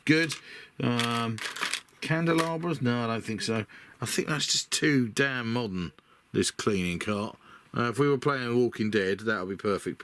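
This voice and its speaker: A middle-aged British man with an ordinary mid-range voice talks casually for a hobby video. He rambles and pokes fun at himself. The workshop recording has clear background noise and clicks. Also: mid-range voice, fairly bright tone. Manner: rambling, chatty and self-deprecating. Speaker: miniature model builder. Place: his workshop.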